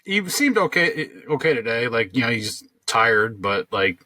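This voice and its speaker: A man's voice: mid-range voice, big pitch swings, measured pace, bright, forceful tone, no room sound. A man co-hosting a podcast, telling a long story in casual chat, rambling with lots of fillers and restarts. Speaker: podcast co-host.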